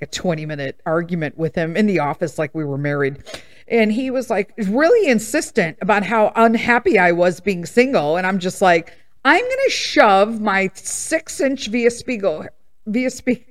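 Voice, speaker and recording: A woman in her fifties hosting a podcast, telling personal stories in a blunt, sassy, emphatic way and laughing at herself. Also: fairly low pitch. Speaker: podcast host. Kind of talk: casual storytelling monologue.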